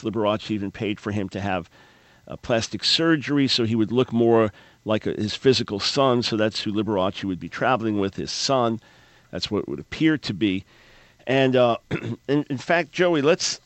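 A man's voice: lowish voice, no echo. A man hosting a talk radio show, delivering an opinionated monologue with sarcasm and frequent stammered restarts.

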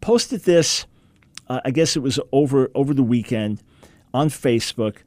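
Animated man preaching on a broadcast. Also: moderate pace, no room sound. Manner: animated storytelling, acts out quoted people with big pitch jumps.

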